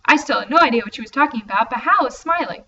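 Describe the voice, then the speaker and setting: A woman narrating a young adult novel in the first person, in an expressive, lively reading style. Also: high voice, fast talker. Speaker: audiobook reader. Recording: distant, muffled, faint hiss.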